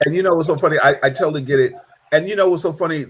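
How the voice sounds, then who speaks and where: Male host of a call-in panel, emphatic and animated, slightly higher voice. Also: rapid-fire, slightly rough, poor audio. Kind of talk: panel discussion.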